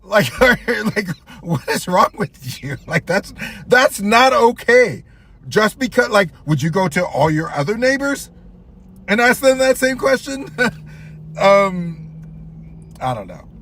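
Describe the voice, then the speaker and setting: A man's voice: high-pitched, big pitch swings, slow pace, a bit bright, husky. A young man talking casually while driving, rambling with restarts, frequent laughs and swearing. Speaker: vlogger. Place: in a car.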